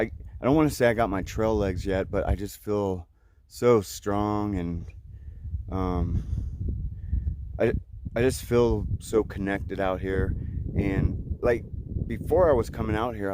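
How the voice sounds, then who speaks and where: A young man vlogging outdoors on a mountain trail, talking haltingly with many fillers and restarts and getting emotional. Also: lowish voice. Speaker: thru-hiker vlogger. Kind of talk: casual vlog talk to camera.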